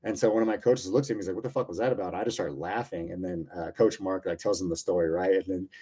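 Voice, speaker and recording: Brief: man in his thirties, low-voiced, rapid, profane storyteller, rambling with fillers. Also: warm tone, breathy edge. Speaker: UFC lightweight fighter, interview guest. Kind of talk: casual storytelling interview. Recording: muffled lo-fi audio.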